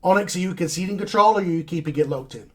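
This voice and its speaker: Man, high voice, game master calling wrestling action with play-by-play energy. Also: fast talker. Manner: excited play-by-play narration. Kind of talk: narrating a tabletop wrestling game.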